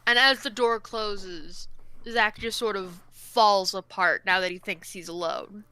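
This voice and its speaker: A woman's voice: mid-range voice, fairly even intonation, measured pace, sharp tone, soft background music. A woman playing in a tabletop game, chatting casually and describing scenes. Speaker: player.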